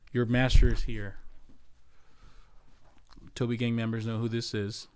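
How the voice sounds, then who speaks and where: A man with an American accent chats casually on his livestream, reading comments aloud and wandering between topics with plenty of ums. His voice is smooth and resonant at a middle pitch. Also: steady tone, normal speed, pauses often. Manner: rambling and conversational, answering chat with frequent fillers. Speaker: livestream host and real estate agent.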